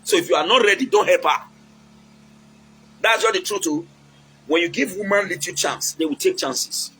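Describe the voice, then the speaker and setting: A man's voice: sits high, moderate pace, sharp tone, a little hiss or hum, rough recording. A man with a Nigerian accent giving casual, preachy relationship advice, mixing in Pidgin and acting out quotes.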